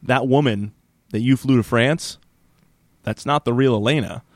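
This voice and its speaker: Male co-host, mid-pitched, dry close sound, chatty recapper who laughs and acts out quotes. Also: no room sound. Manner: laughs often, acts out characters' lines in quick put-on voices. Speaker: podcast co-host. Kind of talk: casual chat recapping a TV episode.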